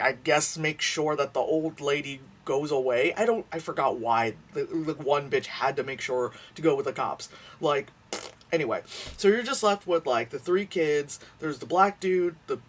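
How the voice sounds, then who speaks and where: Brief: foul-mouthed vlog reviewer, mid pitch, very animated swings, rambles and restarts constantly. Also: recorded from a distance. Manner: profane, rambling, lots of fillers and restarts. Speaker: movie reviewer. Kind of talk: casual rambling movie review rant.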